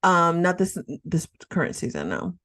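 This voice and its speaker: A woman co-hosting a chatty podcast tells her story with dramatic flair. Her voice sits on the low side, and she leans into every twist of the tale. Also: sing-song, normal speed, a bit bright. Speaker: podcast co-host. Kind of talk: casual chat, storytelling.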